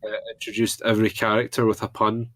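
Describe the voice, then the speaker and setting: A man's voice: lowish voice, monotone, fast, a bit bright, no echo. A man co-hosting a casual podcast chat, telling rambling anecdotes. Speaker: podcast co-host.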